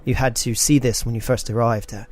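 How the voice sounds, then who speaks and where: Man doing a female sheriff, formal, kind, apologetic, measured. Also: medium pitch, fairly even intonation, darkish tone, close to an everyday voice.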